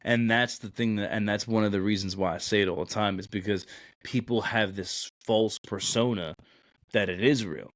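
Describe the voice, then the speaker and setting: A man's voice: on the low side, fairly even intonation, moderate pace, dry recording, studio quality. A man, a podcast host telling stories in a blunt, rambling way. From Brooklyn, New York. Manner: blunt, rambling, many "like" and "you know". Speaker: podcast host, Marine recruiter. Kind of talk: casual storytelling chat.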